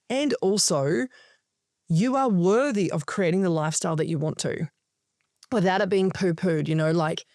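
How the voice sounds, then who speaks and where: List: woman, animated storytelling, casual swearing, dry close mic. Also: on the low side, dry recording. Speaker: podcast guest, spiritual coach. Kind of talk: casual podcast conversation.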